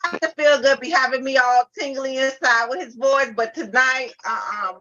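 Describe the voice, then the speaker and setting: A woman's voice: high-pitched, steady tone, normal speed, few pauses, dull audio, background noise. A woman co-hosting a live-stream talk show, teasing the others with bold banter. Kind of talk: casual live-stream chat.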